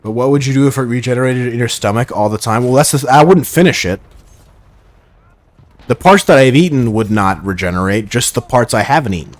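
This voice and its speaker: A male game streamer with a mid-pitched voice, rambling playfully through a live session. He jumps between silly ideas and viewer messages in loose, casual talk. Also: animated, a little fast. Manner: rambling and playful, reads chat aloud. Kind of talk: casual live gameplay chat.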